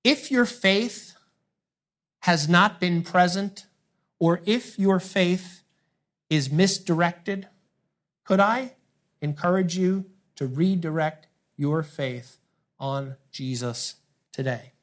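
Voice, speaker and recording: A man's voice: high voice, takes it slowly, pauses often, a bit bright. A male pastor preaching a sermon in an earnest way, putting rhetorical questions to his congregation.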